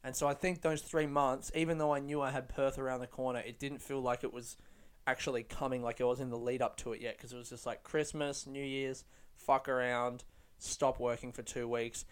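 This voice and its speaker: A man's voice: medium pitch, level tone, brisk, smooth. A young adult man, a stand-up comedian, talking in a casual reflective vlog style, rambling with lots of "like", restarts and casual swearing.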